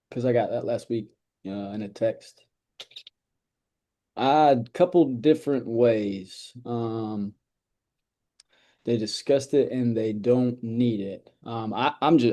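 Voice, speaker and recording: A man's voice: medium pitch, dark tone. A man, an insurance sales agent, explaining his approach in a plain, direct way with frequent restarts. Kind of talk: sharing tips in a team training.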